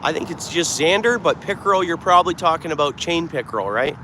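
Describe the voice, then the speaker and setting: A man's voice: on the high side, lively intonation, fast, pushed and bright. Man, fishing live-streamer, chatty, thinking aloud, outdoors, noisy background. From Canada. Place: outdoors by the water. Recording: clear outdoor background noise.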